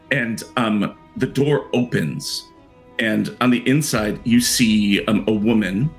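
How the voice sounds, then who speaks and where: A man's voice: lowish voice, slow pace, soft background music. A man running a tabletop horror game as game master, narrating casually with plenty of fillers. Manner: casual, rambling, many fillers.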